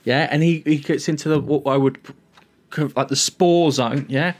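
Man co-hosting a casual chat, slightly high voice, rambling recap with plenty of swearing. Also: moderate pace. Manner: rambling, swears freely, animated retelling.

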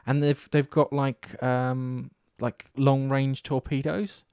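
A man's voice: mid-range voice, takes it slowly, clean tone, dry recording, studio quality. A man chatting casually about games, rambling and swearing freely as he tells stories. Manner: rambling, swears often, animated storytelling.

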